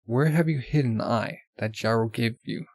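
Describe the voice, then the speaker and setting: A man reading the lines of a cold, possessive male president from a comic, in a flat read-aloud manner. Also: medium pitch, normal speed, no echo, lightly acted. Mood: demanding.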